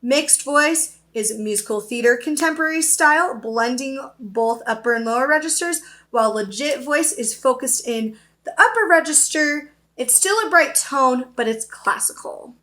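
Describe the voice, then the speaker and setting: Young woman, voice teacher, online lesson, high-pitched, bright tone, upbeat explaining. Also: moderate pace. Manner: upbeat, explains then demonstrates, often checks with "okay?". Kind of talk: virtual voice lesson.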